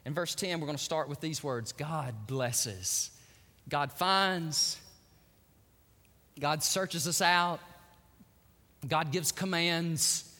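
A middle-aged man preaching a sermon, animated, acting out the voices he quotes and laughing often. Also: a little high, slow pace, long pauses, in a large hall. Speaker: pastor.

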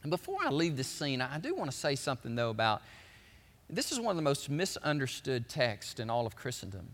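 A male pastor preaching a sermon in a church, animated and conversational, with frequent asides to the congregation. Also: mid-range voice, a little fast. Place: church sanctuary. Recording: church hall reverb.

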